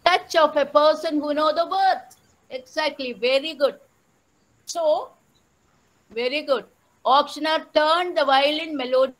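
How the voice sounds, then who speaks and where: Slow, high-voiced woman lecturing. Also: poor audio. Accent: Indian English. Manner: measured, repeats phrases, asks the audience questions. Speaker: teacher educator giving an online talk. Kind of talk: slow storytelling lecture to an online audience.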